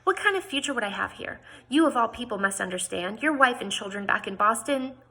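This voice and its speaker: A woman voicing a proper, stubborn young lady whose voice rises high when upset. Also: animated, fairly quick, bright, forceful tone, full character voice. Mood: pleading. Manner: pleading, raises her voice in upset.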